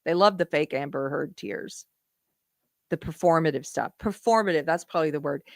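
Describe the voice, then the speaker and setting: A woman hosting a live political stream, her voice sitting a little low for a woman. She talks in an emphatic, opinionated way and thanks viewers for their donations. The sound is close and dry, with no room in it. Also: moderate pace, gravelly, no echo. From South Carolina. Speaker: host of a live political show.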